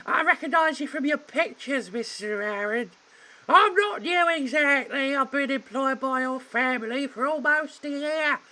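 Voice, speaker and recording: A shrill, fussing young maid with a squeaky, bright falsetto, as a man puts her on. The voice sits far above a normal speaking range and rings sharp. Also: unhurried, exaggerated voice. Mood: prim.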